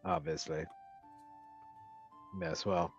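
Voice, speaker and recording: A man's voice: rumbling low, little pitch movement, very slow, slightly rough, dry recording, lo-fi sound, soft background music, pitched below the performer's own voice, heavily acted. A man voicing a wary male fox adventurer who asks blunt questions.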